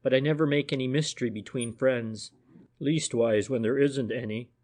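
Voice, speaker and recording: A man's voice: medium pitch, steady tone, moderate pace, a little mellow, close to an everyday voice. A man reading as a furtive, deferential detective. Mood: insinuating. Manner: deferential, insinuating. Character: furtive, civil male private detective.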